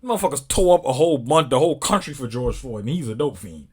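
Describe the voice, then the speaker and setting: Angry husky man ranting. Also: medium pitch, animated, fast talker. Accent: African American English. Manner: angry, swearing, emphatic, rising to outbursts. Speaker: commentator reacting to a video. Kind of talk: heated casual reaction commentary.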